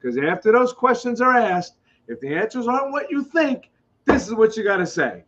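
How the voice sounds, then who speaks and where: A man's voice: high voice, very animated, normal speed, fairly bright tone, highs cut off. A man co-hosting a live podcast chat who has a lingering seasonal cough and keeps pushing back in an argumentative way. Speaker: co-host.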